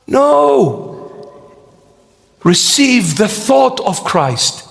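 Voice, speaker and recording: Slow, emphatic male preacher in a reverberant hall. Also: mid-range voice, lively intonation. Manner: slow, emphatic, rhetorical questions. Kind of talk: sermon.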